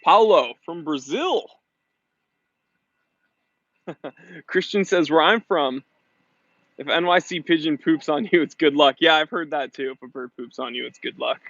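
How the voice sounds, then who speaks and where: A chatty American man with a somewhat high voice hosts a relaxed live-stream chat, reading out viewer comments with an upbeat, laughing manner. He is recorded outdoors with dry, close sound. The audio is a little dull and lo-fi. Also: normal speed, vocal fry, dry recording.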